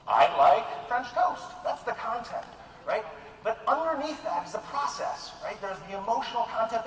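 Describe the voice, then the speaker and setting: Man, casual talk to an audience, very expressive pitch, distant mic, noisy room behind. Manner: animated, conversational, self-deprecating. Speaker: speaker addressing a live audience. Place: large room with a live audience. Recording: echoey hall, mic far off, noisy room ambience.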